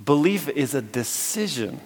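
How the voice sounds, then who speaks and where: A man preaching a storytelling sermon to a live audience, talking in a casual way full of restarts and turning animated when the story gets exciting. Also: medium pitch, a little slow. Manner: animated, bursts of excitement when telling stories; conversational, with many fillers and restarts. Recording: long reverb from a large hall.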